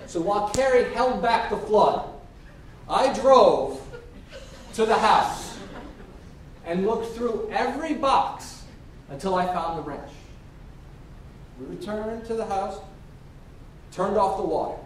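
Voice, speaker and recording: A man's voice: takes it slowly, pauses often. A man giving a storytelling speech as a contestant at a public speaking competition, acting out the quoted dialogue. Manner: lively, acts out quoted dialogue. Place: hall. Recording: echoey hall from far off with faint rumble.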